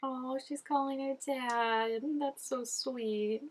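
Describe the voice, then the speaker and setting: A woman's voice: high voice, steady tone, slow pace. A young woman hosting a casual reaction video, chatting emotionally and talking back to the screen.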